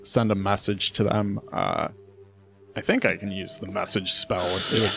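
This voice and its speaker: A man taking part in a tabletop game as a player. His voice sits low, and he talks in an easygoing, unhurried way about what his character does. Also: level tone, vocal fry, bright, forceful tone, soft background music. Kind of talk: casual tabletop play.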